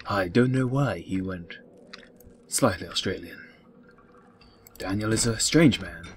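A man's voice: low voice, a little slow, long pauses, slight background noise. A man giving comedic let's play commentary in a mock-formal narrating manner, with whispered asides. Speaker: gaming YouTuber.

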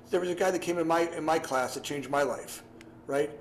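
Guy on a video call giving advice, kinda high voice, echoey room. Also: a little fast. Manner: animated, repeats himself, acts out his own past thoughts. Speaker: guest speaker. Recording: echoey room, faint noise.

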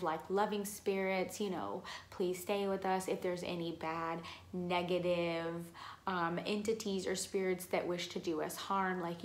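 A woman vlogger recounting her own story in a casual, meandering way. She leans on "like" and "um" as she talks. Her voice sits at an ordinary pitch, and the room around her is echoey. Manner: rambling, heavy use of "like" and "um". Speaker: vlogger telling her own paranormal stories.

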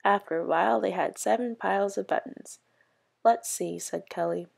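A woman's voice: medium pitch, fairly quick, gravelly, slightly rough. A woman early years educator reading a picture book aloud for children.

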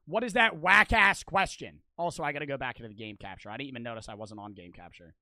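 A man in his twenties doing excitable, slangy live-stream gameplay commentary and yelling at the game. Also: medium pitch, fast, no room sound. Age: 20s. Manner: excitable, yells at the game, loose slangy chatter.

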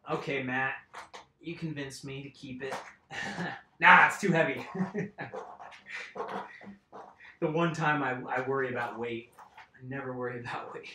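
A man's voice: mid-range voice, steady tone, unhurried, long pauses, background noise. Chatty man live-streaming, roomy sound. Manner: chatty and rambling, answers viewers' comments. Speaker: mountain bike vlogger. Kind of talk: casual live-stream chat while doing bike maintenance. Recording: roomy echo.

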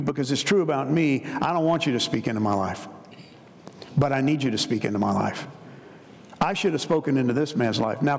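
A middle-aged male pastor delivers a sermon in a conversational, storytelling manner, pressing hard on his key points. His voice sits a little high, with a gravelly fry. Long reverb from a large church hall trails after his words. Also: darkish tone. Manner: conversational storytelling preacher, emphatic.

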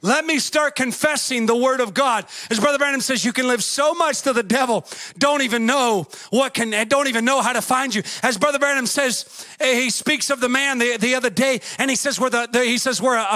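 A man preaching a fervent sermon, swinging between shouts and a singsong cadence and acting out the voices in his stories. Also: extremely high pitch, a little fast, dry recording. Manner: acts out story voices, folksy grammar.

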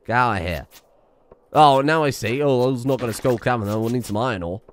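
A man's voice: mid-range voice, fairly quick, a little hiss or hum. A young man giving casual, sweary, sarcastic commentary while streaming a farming game. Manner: sweary, sarcastic, animated outbursts. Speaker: gaming streamer. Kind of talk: casual let's-play commentary.

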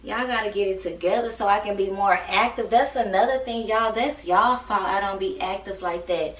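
A woman's voice: medium pitch, normal speed, recorded from a distance. Woman, beauty vlogger, sore throat, playful teasing chat, echoey room. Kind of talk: casual chat to viewers.

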